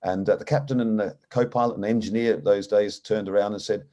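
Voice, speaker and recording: Animated storytelling male airline captain. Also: fairly low pitch, a little fast. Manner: animated storyteller, acts out quoted dialogue. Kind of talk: storytelling interview answers.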